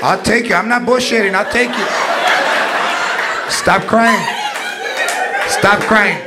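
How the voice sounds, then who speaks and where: A man's voice: sits high, slow pace, very noisy. Man doing a scolding grandmother. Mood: threatening. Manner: scolding, threatening, mixing Spanish into English. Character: tough older Mexican grandmother scolding a grandchild. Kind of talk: stand-up comedy. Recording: loud live club with laughing crowd.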